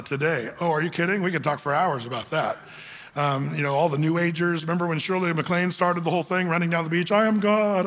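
A man with a high, bright, forceful voice gives a chatty Bible teaching from the pulpit. He jokes and drifts into asides. His words ring out in a church hall with a long echo. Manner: chatty and joking, with many fillers and asides. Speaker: pastor. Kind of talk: conversational sermon. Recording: echoey hall.

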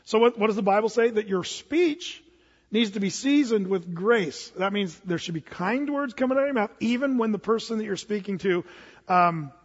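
A man preaching a sermon as pastor, telling stories in a lively way, with many restarts and fillers. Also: sits high, normal speed, breathy edge, big-room sound, dull audio.

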